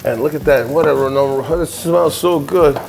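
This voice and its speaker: A man doing a smooth, flirtatious crooner impression as a celebrity guest, tossing in Italian endearments. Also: fairly high pitch, normal speed, darkish tone, faint music behind. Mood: charming. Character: suave crooning male impersonation of a famous singer, charming.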